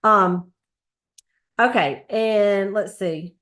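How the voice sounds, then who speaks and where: A woman's voice: medium pitch, very slow. Woman, sales director type, chatty and folksy pep talk. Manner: chatty, animated, with frequent laughs and folksy Southern phrasing. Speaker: Mary Kay sales director recapping a conference. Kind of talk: casual motivational talk.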